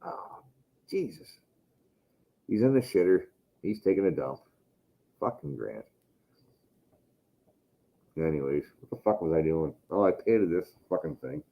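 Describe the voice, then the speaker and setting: A man's voice: very deep voice, very animated, moderate pace, long pauses, dull audio. A man hosting a casual podcast chat, rambling and swearing heavily. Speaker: podcast host.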